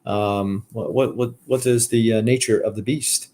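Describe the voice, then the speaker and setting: A man's voice: fairly low pitch, steady tone, moderate pace, mellow. A man with a Southern US accent hosting a casual live stream, rambling with many fillers and restarts as he answers viewer comments. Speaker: collector channel host.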